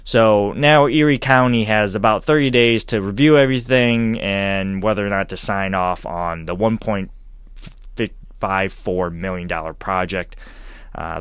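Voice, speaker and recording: A man hosting a casual podcast chat, telling stories in an animated, rambling way full of restarts. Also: fairly low pitch, clear, resonant tone, no room sound. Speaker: podcast host.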